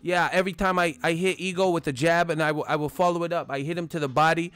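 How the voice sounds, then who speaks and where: A man putting on a high, soft, lisping voice as an impression of a famous boxer, for a comic bit in a casual chat. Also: steady tone, fast, smooth, dry recording, soft background music, close to an everyday voice. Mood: boastful.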